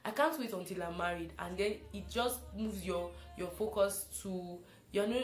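A young woman from Africa hosting a casual spoken reflection, chatty and animated, repeating phrases for emphasis. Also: mid-range voice, moderate pace, reverberant. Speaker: host.

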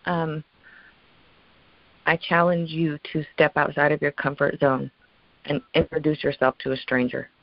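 A woman co-hosting an interview podcast, delivering a measured, earnest, encouraging closing statement. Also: sits low, flat delivery, vocal fry, no room sound, lo-fi sound. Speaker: podcast co-host.

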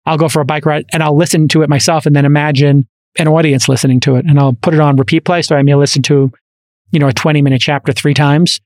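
A man hosting a podcast, chatting casually and telling stories with quick asides and restarts, into a studio microphone. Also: fairly high pitch, fairly even intonation, a little mellow, no echo. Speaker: podcast host.

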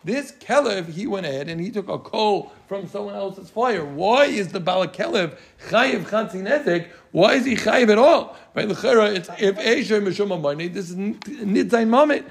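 High-voiced man teaching a Talmud class. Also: animated, normal speed, creaky, hardly any pauses, slightly rough. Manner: explains with Yiddish-inflected Yeshivish terms, quizzes students.

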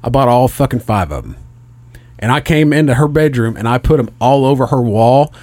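A man's voice: mid-range voice, a little fast, dry recording. Middle-aged guy swearing thru a story, dry close mic. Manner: profane animated storyteller. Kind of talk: casual chat.

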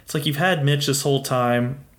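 A man's voice: mid-range voice, normal speed. A man co-hosting a casual sports podcast, ranting with exasperation and plenty of profanity. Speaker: podcast co-host.

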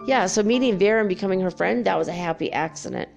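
Middle-aged woman vlogger, raspy fry in her voice, loose and profane, animated storyteller. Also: mid-range voice, fast talker, muffled recording, faint music behind. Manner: chatty, swears freely, animated storytelling. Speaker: spiritual vlogger. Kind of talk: casual chat.

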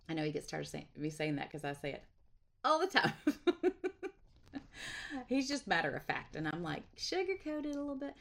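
A woman's voice: on the low side, huge pitch swings, normal speed. Chatty woman leading a devotional. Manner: chatty, laughing, folksy asides. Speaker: devotional host. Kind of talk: casual devotional livestream. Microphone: webcam or phone livestream.

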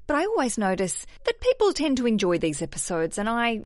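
A woman's voice: wildly swooping pitch, fairly quick, dry recording. Dry-miked, chatty Australian woman. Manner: chatty, self-mocking, jumps between bursts of energy and low asides. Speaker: podcast host. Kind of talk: casual solo podcast chat.

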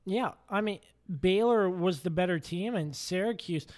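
A woman's voice: lowish voice, normal speed, darkish tone. A woman co-hosting a sports podcast, opinionated and fond of rhetorical questions. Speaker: co-host. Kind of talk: casual sports chat.

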